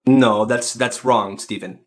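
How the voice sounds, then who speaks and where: Strict lady kindergarten teacher, bossy and scolding, loud, done by a man. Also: mid-range voice, steady tone, takes it slowly, close to an everyday voice.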